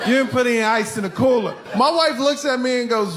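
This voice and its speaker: Animated high-voiced male comic. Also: fairly quick. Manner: animated storyteller, voicing family. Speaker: stand-up comedian. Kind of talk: stand-up storytelling. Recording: stand-up stage, echo and room noise.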